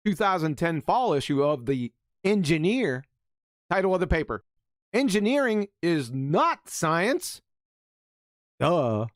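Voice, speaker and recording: A man's voice: sits high, no room sound, studio quality. A man hosting a talk stream, ranting in a mocking, insulting way. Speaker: host. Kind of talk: ranting monologue.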